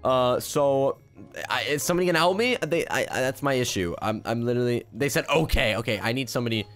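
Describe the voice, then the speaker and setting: A man's voice: medium pitch, fast talker, fairly bright tone, soft background music. A young man joking and rambling through casual gameplay commentary, with frequent restarts. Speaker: gaming YouTuber.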